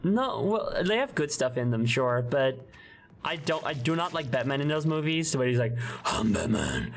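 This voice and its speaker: A man's voice: fairly high pitch, lively intonation, moderate pace, soft background music. A man chatting casually while streaming a game, rambling and restarting sentences, often breaking into giggles. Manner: rambling, self-interrupting, giggly. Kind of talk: casual gaming stream chat.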